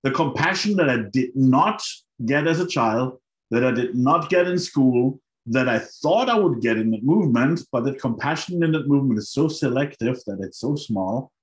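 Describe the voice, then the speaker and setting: A middle-aged man telling his own story to an audience in an animated way, acting out his past thoughts. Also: mid-range voice, moderate pace. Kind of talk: personal storytelling talk to an audience. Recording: roomy hall sound.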